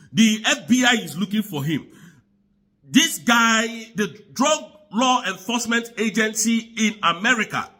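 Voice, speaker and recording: A man's voice: high-pitched, bright, forceful tone, breathy edge. A man giving angry, pleading political commentary that circles back on its points.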